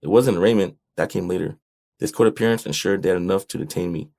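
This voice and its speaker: A man's voice: low-pitched, fast, creaky, darkish tone. A man reading his own memoir aloud in a blunt, wry manner with occasional profanity. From United States. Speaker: author narrating his memoir. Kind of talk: audiobook memoir narration.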